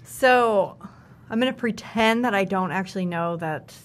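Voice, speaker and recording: A woman's voice: mid-range voice, a little slow. A woman chatting casually and giggling while playing a board game with friends. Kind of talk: casual play chat.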